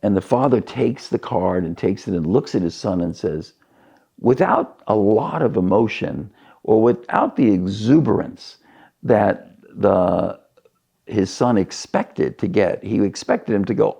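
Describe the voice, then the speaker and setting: A man's voice: lowish voice, expressive, measured pace, creaky, dark tone, slightly rough. A man preaching a sermon, telling a story and acting out the characters' voices as he goes.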